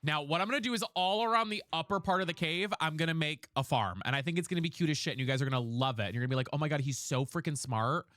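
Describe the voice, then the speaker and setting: A man's voice: on the high side, very fast, hardly any pauses, bright, forceful tone, no echo. A man streaming a video game live, chatting casually and sassily while reading out his chat. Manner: sassy, chatty, reads chat aloud.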